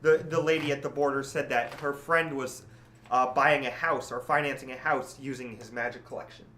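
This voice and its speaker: A man's voice: medium pitch, fairly even intonation, normal speed, sharp tone, slight background noise. A man co-hosting a casual podcast, rambling with lots of fillers and laughing often. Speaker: podcast co-host. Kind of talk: casual chat.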